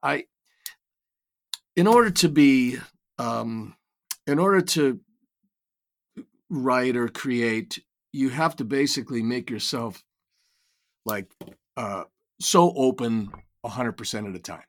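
An older man, a writer and creator, appears as an interview guest and tells reflective stories in a casual way. His medium-pitched voice moves slowly with frequent pauses, and he often restarts sentences and repeats words.

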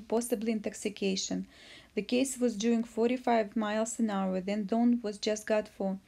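A woman narrates a case recap in a slightly high, mellow voice. She stumbles and restarts often as she reads. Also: vocal fry. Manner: halting, with slips and restarts. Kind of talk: reading a case recap aloud.

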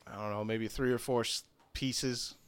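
A man's voice: mid-range voice, steady tone, normal speed, clear, resonant tone. Casual male game master. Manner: casual, laughing, loose with profanity. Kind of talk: narrating a tabletop game.

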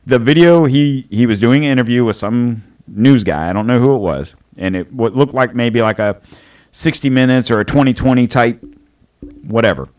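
A man's voice: mid-range voice, normal speed, a little mellow. Rambling, joking podcast co-host man. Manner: joking, rambling, laughs often. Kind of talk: casual chat.

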